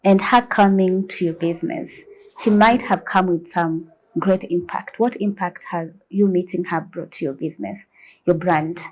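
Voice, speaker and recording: A woman's voice: lowish voice, steady tone, normal speed, a little mellow, poor audio. Woman interviewer over faint noise. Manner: brief encouraging responses and questions. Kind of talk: interview questions.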